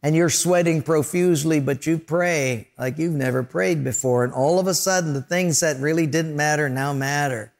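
Storytelling preacher with a higher voice. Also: male voice, moderate pace, gravelly, hardly any pauses. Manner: storytelling preacher, acts out voices and sound effects. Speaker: pastor. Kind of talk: sermon.

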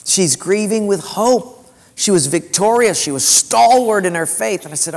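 A male pastor preaching fervently, swinging between loud and hushed and slowing on key words. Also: sits high, expressive. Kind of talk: sermon. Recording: long church-hall reverb.

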